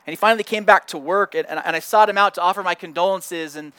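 A male pastor delivering a sermon, earnest and conversational, with frequent restarts and repeated words. His voice sits high for a man. The recording is dry, with no room echo. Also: fast, sharp tone, clean tone.

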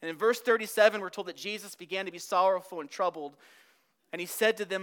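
A man preaching a sermon, earnest and meditative, repeating key words, building up and then dropping to a hush. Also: high voice, fast talker. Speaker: pastor.

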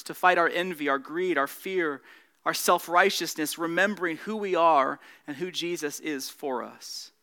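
A male pastor delivering a sermon with a bright, forceful voice. He sits a little high for a man and preaches earnestly, swelling on key points and dropping softer as each one closes.

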